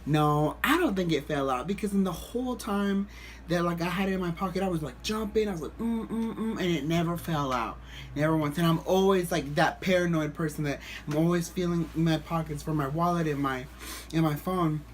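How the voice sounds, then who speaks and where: A man vlogging, telling a story to the camera in a rambling, animated way with lots of restarts. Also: on the high side, brisk, slight background noise.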